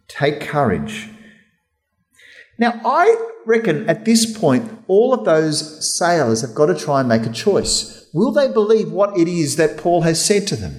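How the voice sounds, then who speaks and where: A man preaches with lively swings of pitch, and his voice sits a little high for a man. He retells the story with energy and slips into the voices of its characters. His voice carries the long echo of a hall. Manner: animated storytelling, acting out quoted voices. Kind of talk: sermon. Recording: hall reverb.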